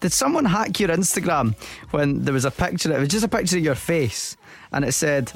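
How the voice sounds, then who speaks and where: A man's voice: fairly high pitch, sing-song, fairly quick, creaky, breathy edge. A man hosting a radio interview, jokey and laughing often. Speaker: radio host.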